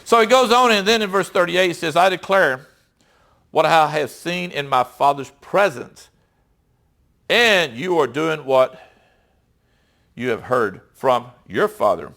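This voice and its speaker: A middle-aged man preaching in a fairly high voice. He reads Bible verses aloud and explains them in a conversational, emphatic style, often stopping to ask his listeners rhetorical questions. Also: lively intonation, a little slow, vocal fry, long pauses, pushed and bright. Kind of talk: sermon with Bible reading.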